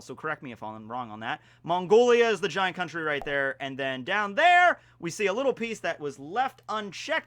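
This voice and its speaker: His voice high-pitched, bright and forceful, a young vlogger from Pennsylvania, USA, rambles casually over a geography quiz, dropping jokey, self-deprecating remarks.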